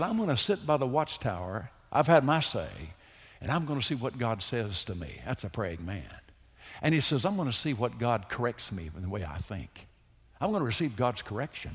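A man preaching a sermon to his congregation, swinging between loud, fervent pleas and hushed, quiet lines. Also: mid-range voice, breathy edge, long reverb tail. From United States. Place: church sanctuary.

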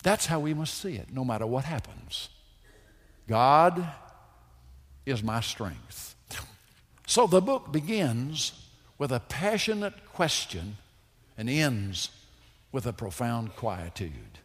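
A man preaching in a church sanctuary, his voice leaping between ringing calls and near-murmurs. The tone is husky and the melody very lively. A long reverb trails each phrase through the big hall. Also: mid-range voice, slow pace, long pauses. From United States. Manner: impassioned, swinging between loud pleas and hushed lines. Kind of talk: sermon.

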